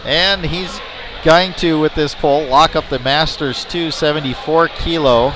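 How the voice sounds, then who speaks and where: A man's voice: on the high side, fairly even intonation, measured pace. A man announcing lifts at a powerlifting meet, with chatty, joking asides between attempts. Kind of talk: live powerlifting commentary. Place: indoor competition venue. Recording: noisy arena ambience.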